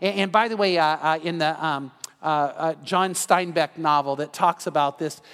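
A man preaching an evening sermon in a church, animated and full of restarts, acting out quoted voices. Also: a little high, moderate pace, clear, resonant tone, long reverb tail. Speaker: pastor.

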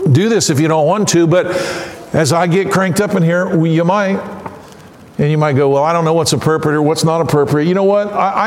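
A pastor with a high voice delivers an animated sermon, repeatedly building up to shouted exclamations. Long reverb makes it sound like he's in a big, echoing church sanctuary.

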